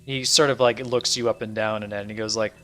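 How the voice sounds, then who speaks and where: A man as game master narrating a tabletop game in a loose, halting way with many fillers. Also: on the low side, fairly even intonation, a bit bright.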